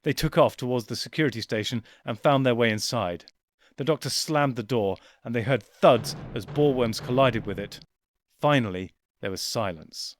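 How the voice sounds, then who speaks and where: A man narrating a science fiction audiobook in a measured, quiet storytelling voice. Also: mid-range voice, slight background noise. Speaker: audiobook reader. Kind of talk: scripted narration.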